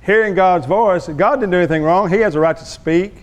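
A man's voice: high-pitched, brisk. A man preaching a sermon as pastor, emphatic and preachy, calling on his congregation to answer back.

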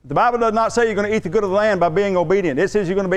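A man preaching a sermon as pastor, telling a story in an animated way and acting out the voices he quotes. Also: high-pitched, very fast, few pauses.

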